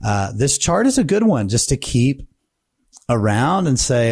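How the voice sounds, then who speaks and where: A man co-hosting a podcast about preaching, talking in a relaxed, conversational way. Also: mid-range voice, a little slow, breathy edge, no echo, studio quality. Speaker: podcast co-host.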